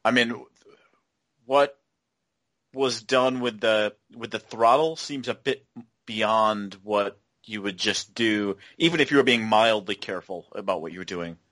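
Low-voiced man in casual chat. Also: unhurried, a bit bright. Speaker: podcast co-host.

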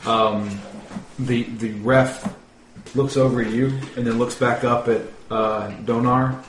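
A man's voice: mid-range voice, little pitch movement, slow. A man narrating as game master, laughing and swearing through a rambling account of a wrestling match. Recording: echoey room, mic far off, noisy.

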